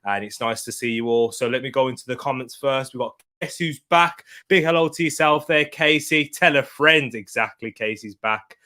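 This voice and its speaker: A young man talks casually into his home stream, tired but still chatty. His voice sits at a middle pitch as he gives slangy shout-outs and reads out comments from his viewers. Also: normal speed, hardly any pauses. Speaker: football watchalong streamer. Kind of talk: casual live-stream chat.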